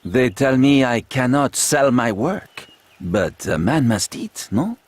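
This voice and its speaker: An actor playing a proud, flattering gunsmith with a French accent, in a video game. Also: male voice, mid-range voice, takes it slowly, breathy edge. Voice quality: fawning, theatrical salesman manner.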